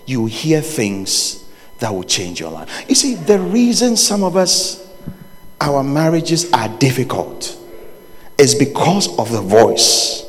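A man preaching a sermon as pastor, swinging from quiet low passages to loud, shouted lines, with jokes and laughter for the congregation. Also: long reverb tail. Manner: animated, rising to shouts and dropping low.

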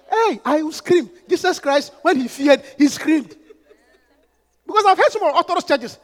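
Fervent shouting preacher, echoey hall. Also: male voice, extremely high pitch, very animated, normal speed, long pauses. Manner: fervent, swings from hushed asides to shouted prayers; breaks into speaking in tongues. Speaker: pastor. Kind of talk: sermon. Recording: echoey hall with long reverb.

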